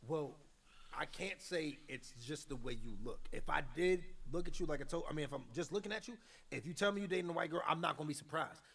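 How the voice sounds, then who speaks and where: A man telling a story in casual chat on a gaming stream, animated and profane, full of street slang, acting out what people said. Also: fairly high pitch, quick pace, gravelly, recorded from a distance.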